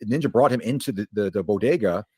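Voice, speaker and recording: A man in a casual stream chat, rambling quickly with many restarts. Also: fairly low pitch, mellow, breathy edge, dry recording, studio quality.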